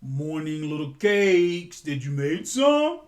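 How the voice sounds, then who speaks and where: A man playing a tall father with a deep, strong voice, teasing and greedy for cakes. The delivery stays slow, close to the narrator's own voice. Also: sing-song, a little mellow. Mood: playful.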